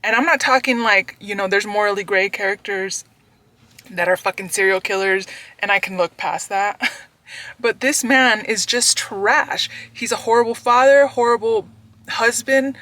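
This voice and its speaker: Young woman, bright and sharp in tone, exasperated book vlogger ranting with heavy profanity. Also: medium pitch, normal speed. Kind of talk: casual ranting book review.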